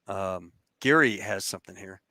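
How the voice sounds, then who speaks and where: A man's voice: low voice, normal speed, bright, forceful tone, no room sound. A man hosting a podcast, telling an anecdote in a casual way and acting out the quoted voices. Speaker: podcast host. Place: lives in Texas.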